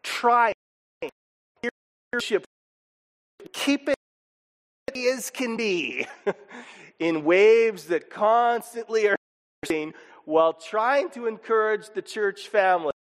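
A man preaching a sermon as pastor, animated and expressive, sometimes chuckling and acting out voices. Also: high-pitched, takes it slowly, pauses often, long reverb tail.

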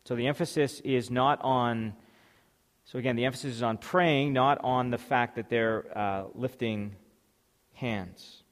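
A man's voice: medium pitch, measured pace. A man preaching in a hall with a long, ringing reverb. He reads scripture aloud, then walks through it point by point in a mid-range voice, with an occasional "uh" and a restart now and then. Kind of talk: sermon.

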